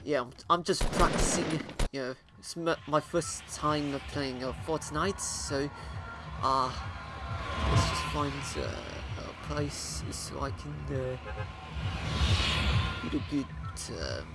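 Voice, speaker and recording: A man's voice: on the high side, lively intonation, takes it slowly, over loud music. Man doing a chatty put-on Australian gamer. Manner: hesitant, filler-heavy, louder than his own voice. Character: new male gamer character, rambling and chatty. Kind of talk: gameplay commentary in character.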